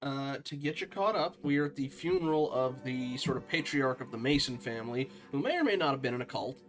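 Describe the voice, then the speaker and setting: A man talks loosely over his game stream at an everyday mid pitch. He rambles, pokes fun at himself, and greets viewers in an easygoing way. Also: animated, a little fast. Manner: chatty, self-deprecating asides. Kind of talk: casual gameplay commentary.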